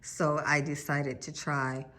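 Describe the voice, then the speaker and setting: A woman's voice: deep voice, little pitch movement, slow pace, fairly bright tone. A woman gardening vlogger chatting casually and musing aloud, with self-deprecating asides. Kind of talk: casual chat.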